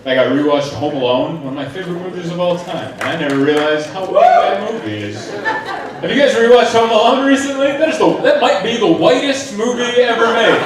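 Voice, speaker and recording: A young adult man performing a stand-up comedy set on a club stage into a handheld mic, shifting from deadpan storytelling to loud, animated punchlines. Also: sits high. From United States. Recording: live club room with audible noise.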